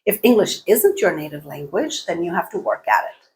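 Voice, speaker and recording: A woman presenting an English language lesson to learners, speaking clearly and deliberately and leaning on key words. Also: fairly low pitch, animated, darkish tone. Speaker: English teacher.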